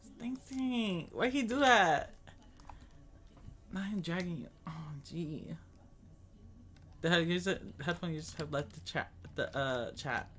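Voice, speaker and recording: A man's voice: high-pitched, slow pace, pauses often, a bit bright. A man giving casual, dramatic gaming commentary, chatting to his viewers as y'all and breaking into screams when scared. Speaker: gaming streamer.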